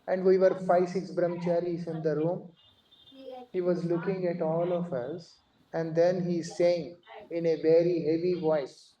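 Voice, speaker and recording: A monk giving an earnest devotional lecture, explaining verses phrase by phrase, on a dull lo-fi recording. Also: male voice, fairly high pitch, little pitch movement, unhurried, dark tone.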